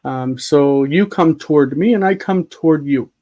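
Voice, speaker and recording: A man's voice: fairly high pitch, normal speed, mellow, dull audio. A man hosting a live Bible-reading discussion, patiently explaining grammar with many fillers. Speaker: host and Hebrew teacher.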